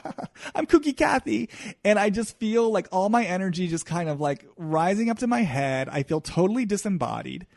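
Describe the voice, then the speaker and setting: A man hosting a solo podcast, talking in an earnest, searching and halting way. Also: high-pitched, dry recording, studio quality. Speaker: podcast host. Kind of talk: solo introspective podcast monologue.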